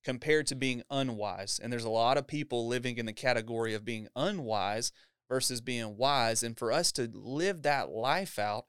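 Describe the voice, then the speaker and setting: An upbeat man hosts a church podcast in an easy interview style, with a smooth, clear voice. The sound is dry and close, with no room echo. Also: medium pitch, moderate pace, a bit bright. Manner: upbeat, laughs often. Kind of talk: casual interview.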